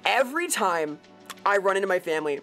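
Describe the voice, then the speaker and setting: A woman's voice: mid-range voice, lively intonation, fairly quick, fairly bright tone, faint music behind. A woman streamer chatting casually while playing a game, talkative, laughing often and answering chat.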